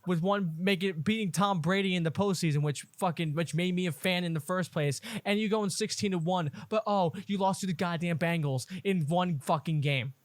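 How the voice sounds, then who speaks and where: A man's voice: high-pitched, normal speed, hardly any pauses, no echo. A young man co-hosting a sports podcast, ranting angrily and swearing constantly in casual chat. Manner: angry profane ranting. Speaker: podcast co-host.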